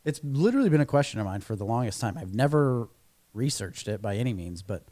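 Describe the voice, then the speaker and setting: A man with a warm, mellow voice co-hosts a laid-back podcast. He talks casually and throws in dry, teasing quips. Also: medium pitch, very animated, fast. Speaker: podcast co-host. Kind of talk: casual chat.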